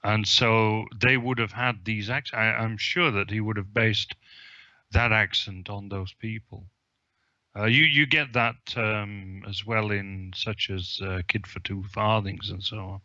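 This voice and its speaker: Bright, lo-fi male podcast host. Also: on the low side, steady tone, measured pace, no echo. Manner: hesitant, many ums and restarts. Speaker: publisher. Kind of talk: casual film discussion.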